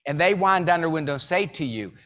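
A man giving a live motivational keynote, telling jokey stories and leading the audience in call-and-response with sudden loud bursts. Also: a little high, lively intonation, quick pace. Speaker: motivational speaker.

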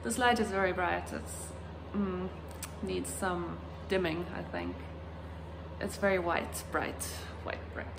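Slow-talking woman with a gravelly voice. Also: fairly low pitch, background noise. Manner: chatty, laughs often, calls out to her dog. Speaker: vlogger. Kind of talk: casual vlog narration while filming. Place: outdoors at a rural property with vines. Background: dogs barking.

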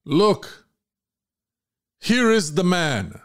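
A man voicing an anxious, demanding Roman governor, with a measured, questioning delivery. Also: high voice, big pitch swings, pitched above the performer's own voice, heavily acted.

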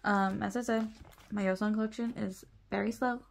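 A woman's voice: medium pitch, steady tone, normal speed, creaky. A young woman chatting casually while sorting her photocards, rambling, laughing often and correcting herself. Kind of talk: casual chat.

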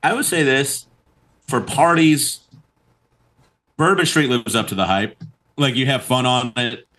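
A man's voice: medium pitch, a little slow, fairly bright tone, rough recording. A middle-aged man co-hosting a comedy podcast, chatting casually and playfully, sliding into silly exaggerated voices. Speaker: podcast co-host.

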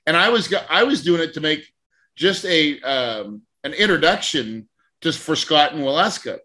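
A man with a bright, forceful voice pitched a bit high tells an animated story as a podcast host. He acts out each conversation as he goes and laughs often. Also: normal speed. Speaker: podcast host and real estate mentor. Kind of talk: lively storytelling in a podcast interview.

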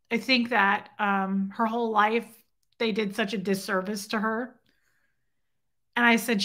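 A young woman with a bright, slightly high voice hosts her own channel and chats casually to her viewers. She retells a conversation by acting out both sides, breaking off now and then to speak straight to her audience. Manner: animated retelling with quoted dialogue and side remarks to chat. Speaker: host.

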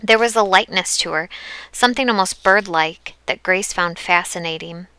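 A woman narrating an audiobook chapter with steady, even storytelling. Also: lowish voice, moderate pace, clear, resonant tone, no echo. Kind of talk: scripted narration.

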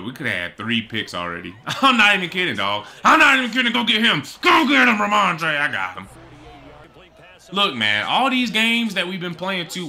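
A young man commentates his own football video game, hyping himself up and breaking into shouts and sing-song bragging. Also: high-pitched. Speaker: gaming YouTuber. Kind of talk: excited live game commentary.

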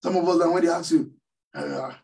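A man's voice: a little high, a little fast, mellow. A middle-aged man from Nigeria with a Nigerian accent, preaching a sermon as pastor in a church and asking the congregation to finish his sentences. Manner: call-and-response questions to the congregation. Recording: voice somewhat distant from the mic.

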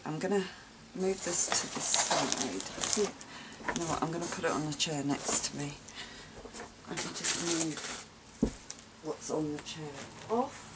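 A woman's voice: low voice, heavy background noise. A woman chatting at home while opening gifts, gushing, gasping and exclaiming often. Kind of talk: casual unboxing chat.

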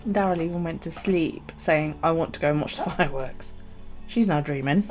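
A woman's voice: sits low, moderate pace, a little mellow, soft background music. A middle-aged woman, a journaling vlogger, telling stories in a casual, chatty way and swearing freely. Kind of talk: casual chat.

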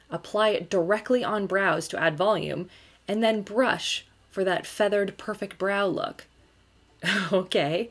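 A young woman in her twenties chatting casually as she tries out makeup, bubbly and thinking aloud, recorded on a camera at home. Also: lowish voice. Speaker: beauty YouTuber. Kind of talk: casual makeup tutorial chat. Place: home filming setup, indoors.

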